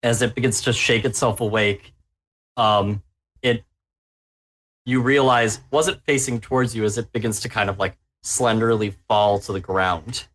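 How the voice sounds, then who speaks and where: A man's voice: lowish voice, fairly even intonation, unhurried, fairly bright tone. A man running a tabletop horror game as game master, narrating with obvious glee at the players' danger. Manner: gleeful, relishing the players' peril.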